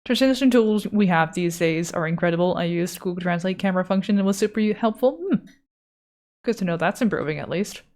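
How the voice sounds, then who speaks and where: A woman's voice: fairly low pitch, expressive, a little fast, darkish tone. A young adult woman streamer chatting casually and self-deprecatingly while drawing live, swearing now and then and reading chat aloud. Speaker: art streamer.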